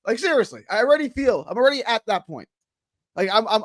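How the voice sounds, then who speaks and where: A man ranting on a casual sports talk show, plainly exasperated and stumbling over restarts. His voice sits high and swings widely up and down. The sound is close and dry, with no room in it. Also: sing-song, quick pace, dry recording.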